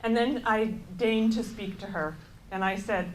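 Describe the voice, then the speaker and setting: A woman's voice: medium pitch, fairly even intonation, unhurried, slight background noise, poor audio. Wry woman telling a keynote story. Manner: wry, self-mocking, quotes her own thoughts. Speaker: keynote speaker. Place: event hall.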